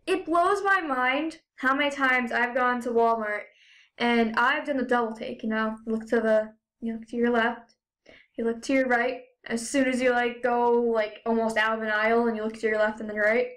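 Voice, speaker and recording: A young woman with a high voice delivers a sarcastic, profanity-laced rant to her camera. She talks casually, padding her sentences with "you know" and "like.". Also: normal speed, fairly bright tone. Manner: frequent fillers like "you know" and "like". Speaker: vlogger. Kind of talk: ranting casual vlog.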